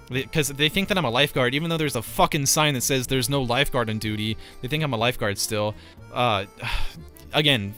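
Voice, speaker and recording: A young man with a bright, forceful voice tells a rambling storytime, stumbling over fillers and swearing in frustration. Soft music sits quietly under him. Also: medium pitch. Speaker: vlogger. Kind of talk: casual storytime rant.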